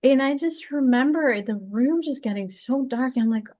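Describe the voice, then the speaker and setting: A woman interview guest telling a personal story in conversation, heartfelt, often stopping to restart and repeat words. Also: normal speed. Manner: heartfelt, lively pitch swings.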